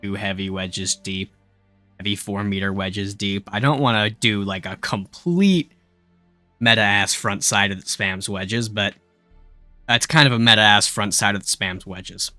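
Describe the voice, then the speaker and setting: A man's voice: on the low side, a little slow, sharp tone, no echo, faint music behind. A young man casually talking and swearing at his mistakes while building a spaceship in a game. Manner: swears freely, grumbles and exclaims at mistakes; rambling storytelling with filler words.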